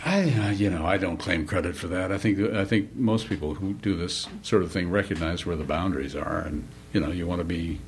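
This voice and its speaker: A man from Saskatchewan, Canada, a broadcaster who is a guest in an interview, talking in an unhurried, comforting conversational way. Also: sits low, a little hiss or hum. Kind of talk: casual interview chat.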